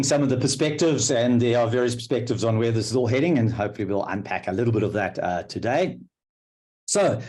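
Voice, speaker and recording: A man hosts an online session over a video call. His voice sits at an ordinary mid pitch, and he talks in a loose, rambling way, joking and filling gaps with ums and uhs. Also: darkish tone, slightly rough. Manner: rambling, filler-heavy, jokey. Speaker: webinar host. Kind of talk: casual online webinar hosting.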